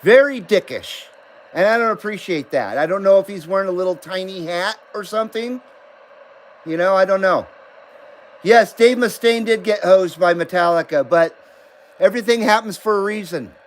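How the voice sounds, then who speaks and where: A man's voice: sits high, moderate pace, low-quality recording. A man hosting a casual live-stream about CB radio, chatting loosely, laughing often and reading viewer comments aloud. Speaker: CB radio livestream host.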